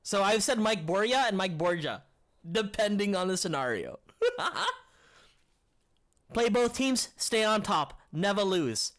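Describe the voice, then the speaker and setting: A playful game streamer joking with chat during a live playthrough. The pitch swings widely, and the talk is loose and teasing. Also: lively intonation, a little slow, fairly bright tone. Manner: playful and joking, reading game dialogue aloud. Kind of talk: live gameplay commentary, chatting with viewers.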